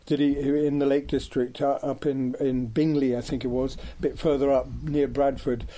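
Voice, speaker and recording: A man's voice: medium pitch, flat delivery, moderate pace, warm tone. An older man from Devon, a guest reminiscing about his life, hesitant and full of ums and restarts. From Devon, England. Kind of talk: reminiscing conversation.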